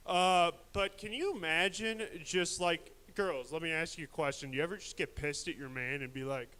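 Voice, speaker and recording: A man's voice: a little high, normal speed, hardly any pauses, pushed and bright, smooth, rough recording. A young man doing a crude, rambling stand-up set at a live open mic, mocking himself along the way.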